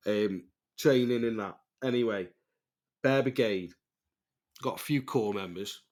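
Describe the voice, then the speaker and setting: A man's voice: fairly low pitch, unhurried, darkish tone. A middle-aged man with an English accent hosting a podcast in a casual, rambling way, swearing freely and laughing often. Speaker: podcast host.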